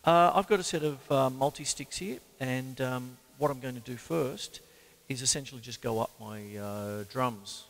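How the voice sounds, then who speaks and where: A man, a drummer demonstrating his drumheads in a plain, halting way with many fillers. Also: mid-range voice. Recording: reverberant room.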